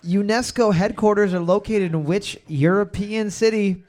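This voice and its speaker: A man hosting a trivia music round, calling out answers loudly and joking between questions. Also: sits high, normal speed. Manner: loud repeated calls of "boards up", joking asides. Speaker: trivia host. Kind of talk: casual podcast banter, running a music round.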